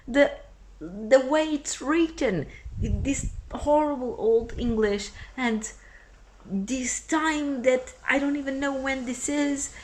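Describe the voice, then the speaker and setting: A young woman vlogger venting in a casual reading vlog, exasperated and dramatic, her voice swinging between muttered complaints and near-shouts. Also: high voice. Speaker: book vlogger.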